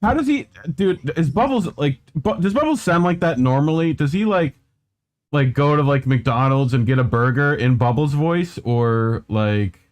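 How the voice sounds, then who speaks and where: A man's voice: fairly high pitch, expressive, normal speed. A man hosting a casual podcast chat, rambling with lots of swearing and "like, you know.". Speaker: podcast host.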